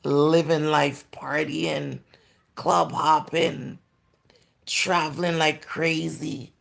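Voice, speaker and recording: A woman in her forties with a Jamaican accent hosts a casual livestream and reads out viewer comments. Her voice carries a heavy gravelly fry throughout, and she talks candidly, drifting into patois as she goes. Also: low voice, little pitch movement, very slow. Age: 40s. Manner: chatty and candid, slipping into patois. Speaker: livestream host. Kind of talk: casual live chat answering viewer comments.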